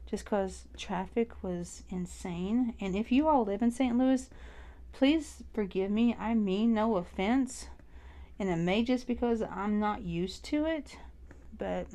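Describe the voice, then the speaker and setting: A woman's voice: mid-range voice, slow pace, mellow. A woman in her forties, chatting casually about her stitching projects in a rambling way. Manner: rambling and chatty, full of fillers. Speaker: cross stitch vlogger. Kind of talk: casual chat while stitching.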